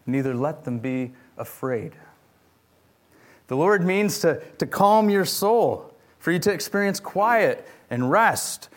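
A man preaching a sermon in church, earnest and pleading, firing off rhetorical questions at his congregation. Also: high-pitched. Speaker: pastor.

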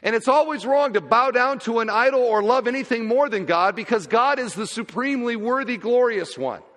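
A man preaching a sermon as pastor, emphatic and swinging between loud and quiet. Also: extremely high pitch, animated, a little fast, big-room sound.

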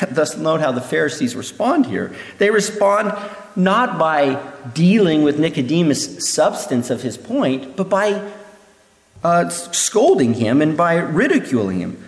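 A man teaching through a Bible passage in an animated way, acting out the voices he quotes. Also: fairly high pitch, unhurried. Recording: echoey hall reverb.

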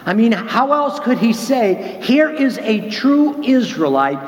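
A man preaches in a high voice, animated and expressive, acting out each quoted line. His voice carries through a big echoey hall with a long ringing reverb. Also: slow pace, muffled recording. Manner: animated, acts out quoted lines with big pitch jumps. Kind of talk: sermon.

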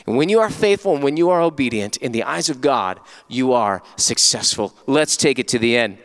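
A male pastor preaching a sermon, stacking short, forceful declarations and swinging between loud urging and low, slow emphasis. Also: animated.

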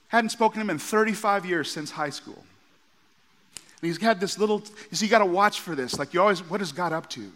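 A middle-aged man, a pastor, preaching a sermon and telling stories with animated asides in a church auditorium. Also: high-pitched. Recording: long hall reverb.

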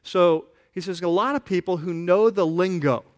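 A pastor giving a conversational sermon, often asking the congregation questions. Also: male voice, high voice, normal speed. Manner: casual, asks the congregation questions.

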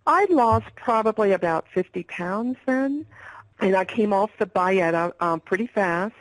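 A woman's voice: medium pitch, a little slow, low-quality recording. An older woman, an interview guest, candidly telling her own health story in a rambling way with restarts.

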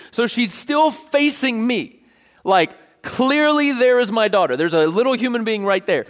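Pastor, male, a bit high-pitched, animated storyteller in a sermon, big reverberant church hall. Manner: animated, plays out scenes with sudden shouts. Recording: long reverb of a large hall.

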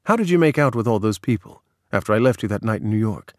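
A man's voice: lowish voice, expressive, fast talker, no room sound, clean studio sound, close to an everyday voice. A man putting on a sly, brash English prankster. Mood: pushy, brash. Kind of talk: reading dialogue in an audio article.

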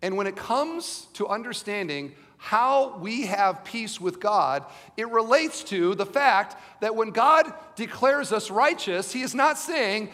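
A man's voice: high-pitched, expressive, takes it slowly, few pauses, a bit bright. A middle-aged male pastor preaching a sermon, emphatic and driving his point home with repeated rhetorical questions. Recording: long hall reverb.

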